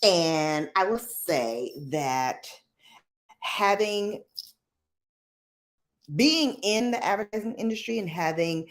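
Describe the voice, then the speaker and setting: A chatty woman hosts a casual live stream and slips into slang. Her voice swings widely in pitch, with bright shouted greetings. She talks at an easy, unhurried pace. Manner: chatty, slangy, playful, greets viewers with loud high calls. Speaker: livestream host.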